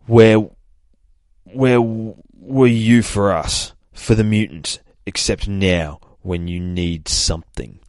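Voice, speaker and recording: Man voicing a stern mutant leader, deep voice, slow emphatic lines, dry close sound. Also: darkish tone, no echo. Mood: defiant.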